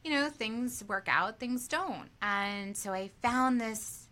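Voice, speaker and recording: A woman guest on a podcast, talking about her work in an animated, enthusiastic way and laughing often. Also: a little high, slow. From United States. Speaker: podcast guest, aerial yoga teacher. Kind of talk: casual podcast chat.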